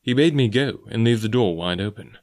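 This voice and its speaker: Low-voiced man narrating a story. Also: lively intonation, a little fast, a little mellow. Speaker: audiobook reader. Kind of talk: scripted first-person narration.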